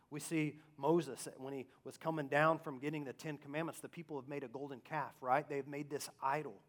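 A man preaching a sermon, asking rhetorical questions and swinging between loud emphasis and hushed asides. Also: mid-range voice.

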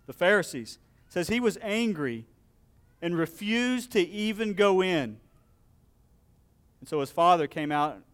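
Male pastor, mid-high voice, dramatic sermon delivery with voiced scripture characters.

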